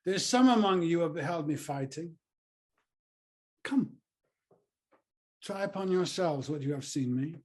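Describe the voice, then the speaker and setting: An actor playing a proud, fierce Roman general with a husky voice, speaking in a scornful, declamatory way. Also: male voice, fairly high pitch, lively intonation, a little slow, long pauses, darkish tone. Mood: defiant. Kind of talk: stage play reading.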